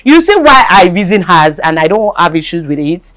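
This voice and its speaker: A woman hosting a casual chat, agreeable and quick to interject. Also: lowish voice, very animated, a bit bright. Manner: agreeable, hums along and chuckles, interjects. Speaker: host.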